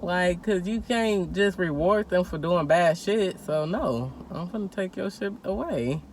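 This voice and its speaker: A young woman telling a story in casual chat while eating, animated, acting out quotes and laughing often. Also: lowish voice, unhurried, slight background noise. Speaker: co-host.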